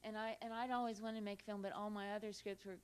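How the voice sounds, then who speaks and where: A woman's voice: mid-range voice, little pitch movement, quick pace. A woman film director speaking as the guest in an onstage conversation. She tells anecdotes with energy, acts out quotes, swears casually and laughs often. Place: cinema stage at a live event.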